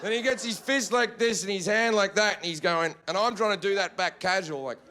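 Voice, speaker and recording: A man doing stand-up comedy, telling a story in a profane, animated way and acting out the characters. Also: high-pitched, a little fast, background noise. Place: comedy festival stage.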